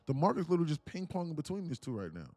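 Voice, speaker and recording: A man live-streaming futures trades, talking fast and loose with lots of fillers as he explains charts. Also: fairly high pitch, dry recording. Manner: rambling, heavy use of "like", animated. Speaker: day trading streamer. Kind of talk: live trading stream talk.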